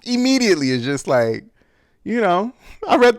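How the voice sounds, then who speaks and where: A man's voice: high-pitched, sing-song, moderate pace, no room sound. A man hosting a podcast, recapping a film in a loose, slangy way with lots of fillers and restarts. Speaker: podcast host. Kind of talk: casual movie recap.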